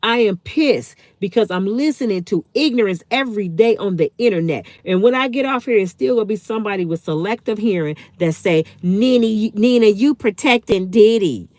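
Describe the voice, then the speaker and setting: A woman's voice: medium pitch, lively intonation, a little fast, few pauses, darkish tone, no echo. A woman in her fifties hosting a live stream, answering her chat in a heated, blunt way and swearing freely. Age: 50s. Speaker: channel host.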